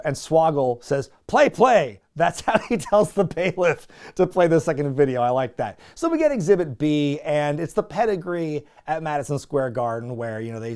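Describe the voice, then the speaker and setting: A man's voice: fairly high pitch, dark tone, smooth. A man hosting a podcast, recapping an old episode in casual, sarcastic, exasperated commentary. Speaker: podcast host.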